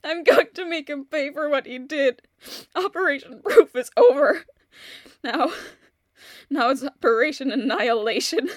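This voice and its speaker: A woman voicing a distraught young woman in an audio drama monologue, tearful, her voice breaking, speaking in halting, stammering restarts. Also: high-pitched, fairly even intonation, dry recording, studio quality, close to an everyday voice. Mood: resolute. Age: young adult. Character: grieving young woman, distraught, bent on revenge. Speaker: voice actor.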